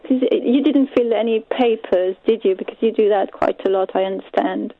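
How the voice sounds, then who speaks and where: A woman on a radio show chatting in a gentle, questioning way. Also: medium pitch, brisk, no room sound, narrow, tinny audio. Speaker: radio co-presenter. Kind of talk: casual radio chat.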